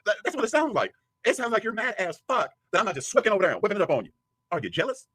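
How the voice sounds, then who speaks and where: A man's voice: high voice, huge pitch swings, fast talker, fairly bright tone, dry recording. A man giving a crude, taunting rant as a streamer answering a critic. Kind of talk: profane ranting commentary.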